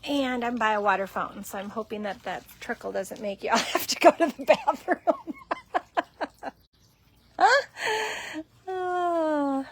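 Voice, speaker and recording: A woman chatting casually on a livestream from a cat shelter room, cooing softly at the cats as she films on her phone. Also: a little high, moderate pace, few pauses.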